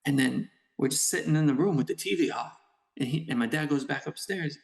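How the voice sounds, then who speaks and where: A man co-hosting a podcast in casual chat, telling a story with animated, acted-out reactions. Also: mid-range voice, brisk, creaky, echoey room. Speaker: podcast co-host.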